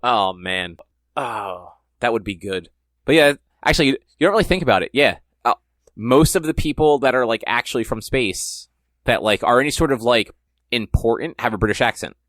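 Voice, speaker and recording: A man's voice: mid-range voice, lively intonation, moderate pace, fairly bright tone, no echo, clean studio sound. A young man co-hosting a podcast, rambling in casual chat and leaning hard on filler words. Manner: rambling, heavy use of "like". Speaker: podcast co-host.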